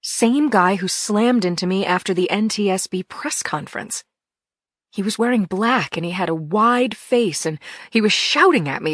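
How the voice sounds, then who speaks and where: A woman's voice: medium pitch, normal speed, no room sound, clean studio sound. A woman reading an audiobook in the first person, with tense, emphatic storytelling. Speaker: audiobook narrator.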